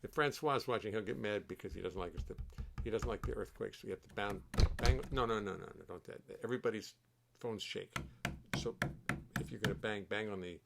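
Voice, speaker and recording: An older man with a gravelly voice, rambling and telling stories as he hosts a casual livestream from his home studio. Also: on the low side, a little fast, very noisy. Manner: rambling, chatty, warm-hearted storytelling. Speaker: host and bassist.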